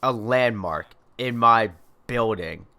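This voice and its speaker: A chatty young man narrates his own gameplay in a loose, rambling way. He talks at an unhurried, drawn-out pace, and his voice comes through smooth and clear. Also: mid-range voice, sharp tone. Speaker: host. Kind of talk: casual gameplay commentary.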